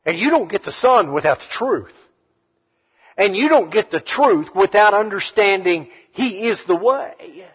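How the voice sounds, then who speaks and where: Man, preacher, sermon, emphatic, hushed to loud, husky, dull lo-fi recording. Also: high voice, expressive, unhurried. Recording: reverberant hall, dull sound.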